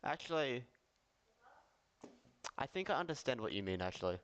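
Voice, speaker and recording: A man's voice: mid-range voice, sing-song, normal speed, a bit bright, a little hiss or hum. An Australian man chatting casually as a streamer reacting to videos, laughing easily and making puzzled asides.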